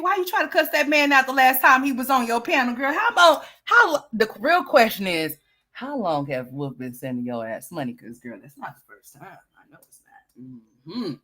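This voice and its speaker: A woman's voice: a little high, sharp tone. A woman hosting gossip commentary over played clips, sassy and teasing, laughing often and calling people girl and honey. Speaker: commentary channel host.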